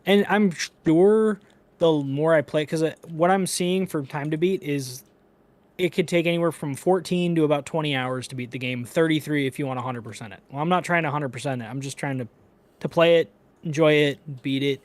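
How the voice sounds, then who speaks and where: A man co-hosting a casual gaming podcast, talking in an animated, profane, ranting way. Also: fairly high pitch, fairly quick. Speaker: podcast co-host.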